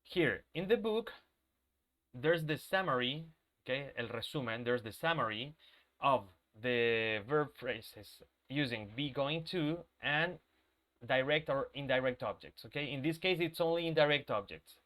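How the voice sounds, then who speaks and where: A man's voice: medium pitch, expressive, measured pace, a bit bright. A male English teacher with a sore throat, leading a live online class and patiently checking in with students. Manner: patient, checks in with students, repeats key points.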